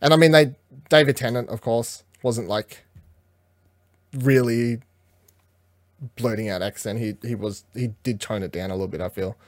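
A man's voice: medium pitch, normal speed, long pauses, no room sound. A man co-hosting a casual episode recap, rambling, swearing freely and acting out the characters' lines. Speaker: podcast co-host.

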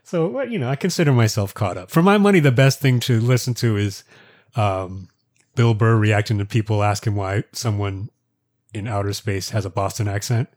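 Relaxed man with dry humor. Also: fairly low pitch, normal speed. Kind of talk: casual chat.

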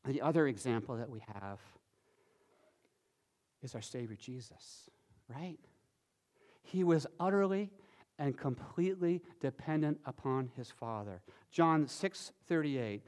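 A middle-aged male pastor delivering a sermon in a fairly high voice. He swings between loud, emphatic bursts and soft, hushed lines. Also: a little slow. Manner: animated, shifting from loud emphasis to soft near-whispers.

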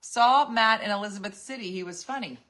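A woman hosting a casual chat, telling stories with lively acted-out quotes. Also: medium pitch, brisk. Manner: lively storyteller acting out quotes. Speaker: host.

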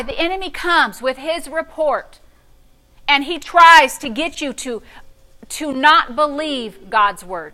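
This is a middle-aged woman pastor speaking slowly in a high-pitched voice. She tells a story during her sermon with a sassy, lively delivery that swings between quiet and loud.

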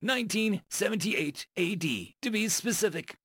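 A man's voice: high voice, animated, moderate pace, bright, forceful tone, breathy edge, no echo, clean studio sound, voice pushed up, heavily acted. A man voicing an earnest, pedantic male alien crewmate who explains things in a matter-of-fact, over-detailed way. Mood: explaining.

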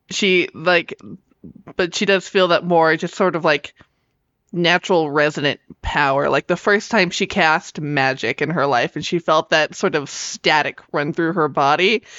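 A woman player slowly and thoughtfully describing her character in a tabletop game. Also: low-pitched, fairly bright tone, no room sound, muffled recording.

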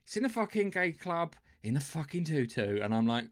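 A man's voice: fairly high pitch, sing-song, a little fast. A man co-hosting a podcast in casual chat, joking and emphatic, cutting in on his partner. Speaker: podcast co-host.

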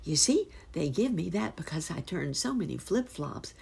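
A woman voicing a small, friendly male circus poodle in a storybook, with an eager, high and breathy little voice. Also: big pitch swings, normal speed, a little mellow, exaggerated voice.

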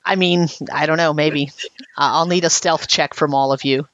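A woman's voice: low-pitched, steady tone, moderate pace, a bit bright, no echo, dull audio. A woman narrating a tabletop role-playing game as game master, describing scenes at length and laughing often.

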